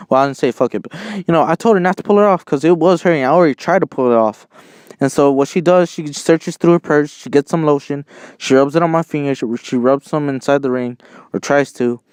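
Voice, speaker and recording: Young man, casual storytelling vlog, smooth clear voice, dry close sound, self-mocking and jokey. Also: on the high side, no room sound. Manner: animated, jokey, self-mocking, cries out when quoting himself. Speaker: channel host.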